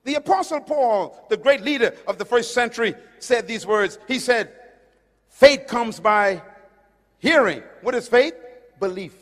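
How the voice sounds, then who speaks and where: Preacher guy, high pitched, goes loud then hushed, echoing big hall. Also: moderate pace. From Caribbean island. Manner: emphatic, swings from loud to hushed. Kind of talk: sermon. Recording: long hall reverb.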